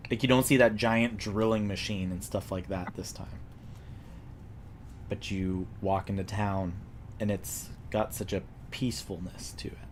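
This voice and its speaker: A man acting as game master narrates a tabletop role-playing game, describing scenes in a relaxed manner sprinkled with fillers. His voice is lowish, with a faint hiss or hum in the recording.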